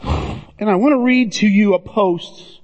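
High-voiced pastor preaching in a hall. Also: male voice, unhurried. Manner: earnest, addresses listeners as "guys". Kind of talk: sermon. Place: church sanctuary. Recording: dull, reverberant hall sound.

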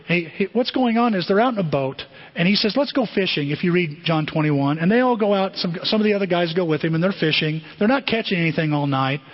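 Caught on a muffled, dull recording with long hall reverb, a high-voiced pastor with a husky edge preaches a sermon. He tells his stories with animation and acts out the quoted voices.

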